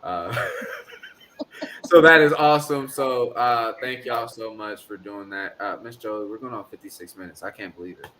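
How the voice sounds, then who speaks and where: A man's voice: on the low side, measured pace, pushed and bright. A man hosting a casual livestream chat in a loose, rambling way, with a drawl and lots of filler. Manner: laid-back, rambling, with filler "uh"s. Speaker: livestream host.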